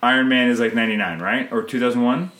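Podcast host, male, chatty and quick with asides, mid-pitched, echoey room. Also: a bit bright. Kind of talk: casual chat. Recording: roomy echo.

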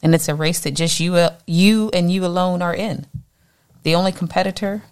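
A woman leading a morning Bible study, teaching with animated energy and acting out voices in her quotes. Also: fairly low pitch, brisk, clean tone.

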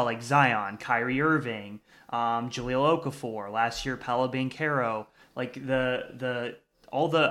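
A man's voice: mid-range voice, a bit bright. Chatty man talking college basketball. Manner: chatty, frequent restarts and fillers. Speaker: sports podcast co-host. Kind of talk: casual sports talk.

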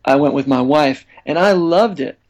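A man being interviewed as a songwriter guest, talking in a relaxed, chatty way and laughing easily. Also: on the high side, moderate pace. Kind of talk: casual interview chat.

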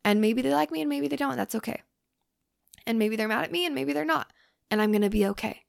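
Casual young woman with a gravelly edge. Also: a little high, fast talker, no room sound, studio quality. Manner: loose, filler-heavy, swearing, softly emphatic. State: hungry from fasting. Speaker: podcast host. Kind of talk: casual solo podcast talk.

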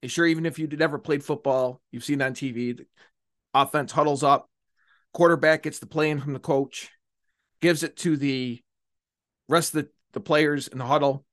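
A man's voice: fairly high pitch, steady tone, normal speed, a bit bright. A man delivering a combative, sarcastic political monologue as a commentator, stretching out words for emphasis. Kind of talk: opinionated monologue.

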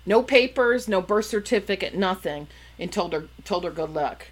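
A woman chatting casually on a podcast, recounting a story in halting bits with fillers and restarts. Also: mid-range voice, lively intonation. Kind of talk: casual chat.

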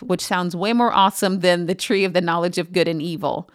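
A woman pastor giving an earnest, emphatic Bible teaching on a podcast, pausing often with "um". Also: on the low side, steady tone. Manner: earnest, emphatic, with frequent "um" pauses.

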